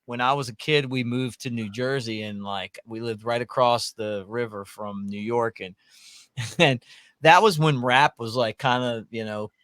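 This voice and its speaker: A man's voice: mid-range voice, measured pace, a bit bright, dry recording, clean studio sound. A man hosting a casual sports talk show, rambling and folksy with many restarts. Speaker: podcast host.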